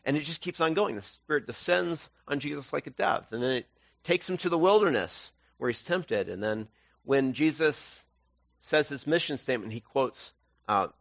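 A male pastor preaching, who reads scripture and then retells it as an animated story full of voices. His pitch swings widely as he talks. The sound is dry and close, with no room echo. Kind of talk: sermon.

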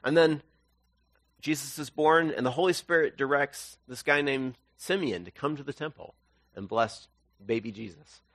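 A man preaching a sermon, reading scripture and retelling it as a lively story, acting out the voices. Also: mid-range voice, normal speed, dry recording. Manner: animated storytelling, acts out voices. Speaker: pastor.

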